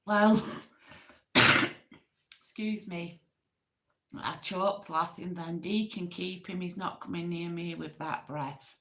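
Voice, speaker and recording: A woman's voice: lowish voice, steady tone, takes it slowly, long pauses, bright, forceful tone, slight background noise. A woman hosting a casual, rambling live chat with viewers, giggly and self-deprecating. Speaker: livestream host.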